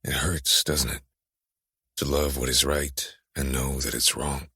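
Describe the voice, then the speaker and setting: A man voicing a brooding, tattooed young man who is possessive and menacing, speaking in a low, teasing murmur for an audiobook. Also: flat delivery, a little slow, pushed and bright, dry recording, studio quality, heavily acted. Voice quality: very deep, gravelly, husky. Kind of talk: audiobook dark romance voice acting.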